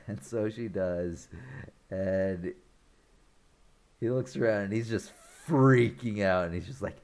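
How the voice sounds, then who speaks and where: A man's voice: on the low side, slow pace, pauses often, a little mellow. A man casually recapping a film's plot for his channel, chuckling often as he rambles through the scenes. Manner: rambling, loose retelling with restarts. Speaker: online film reviewer.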